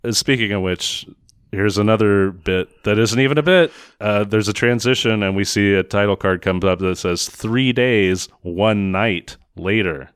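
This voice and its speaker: A man's voice: lowish voice, moderate pace, clean tone, dry recording, clean studio sound. A man co-hosting a casual movie-review podcast, recapping the plot with sarcastic exasperation. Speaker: podcast co-host.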